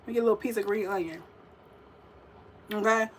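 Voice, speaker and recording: A young woman in casual conversation on her vegan cooking livestream, chatty and sassy, addressing viewers straight on as she cooks. Her medium-pitched voice goes a little fast, with slight background noise.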